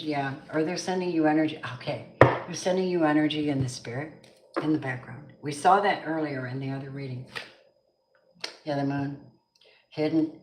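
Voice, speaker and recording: A middle-aged tarot reader does an emphatic live reading on a camera mic, chatting with viewers by name and repeating affirmations. Her low voice is reverberant, and the poor audio carries a little hiss or hum.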